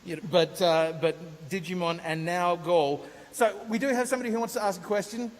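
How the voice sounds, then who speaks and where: Man, panel host, high voice, upbeat, hall reverb, faint hiss. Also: fairly quick. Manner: upbeat, repeats audience questions. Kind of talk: hosting a live panel. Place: large convention hall stage.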